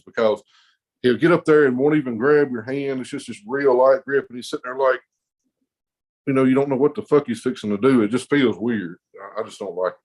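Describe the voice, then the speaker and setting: A man's voice: mid-range voice, rough recording. A man with a drawl spins a casual story as a podcast guest. His talk is rambling and profane, full of laughter.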